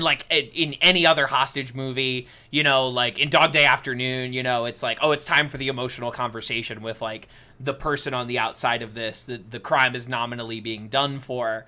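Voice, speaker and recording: Podcast host guy on a video call, bright tense voice, animated and rambly. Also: mid-range voice. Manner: animated, lots of filler "like", playful. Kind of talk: casual chat.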